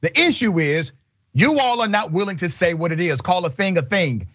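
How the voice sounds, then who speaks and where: A man's voice: high-pitched, lively intonation, moderate pace, a bit bright, slight background noise. A man hosting a commentary show, talking in an emphatic, indignant way and leaning on rhetorical questions. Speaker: show host. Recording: dull dry sound.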